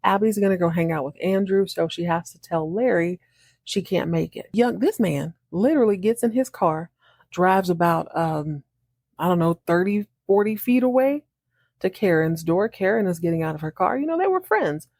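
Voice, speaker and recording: A woman talks through a TV episode with lively, chatty energy. She slips into playful voices for the characters and laughs as she goes. The sound is close and dry, with no room echo. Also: on the low side, moderate pace. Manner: animated, acts out characters' lines in shifting voices; laughs often. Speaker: podcast host recapping a TV episode. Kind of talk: casual recap monologue.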